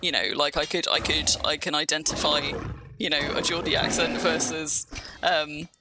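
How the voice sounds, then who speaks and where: A woman from England, speaking near-standard English with a slight Kentish twang, chats casually while live-streaming a game. She rambles and is quick to laugh at herself. Her voice is deep with a level tone, against a noisy background.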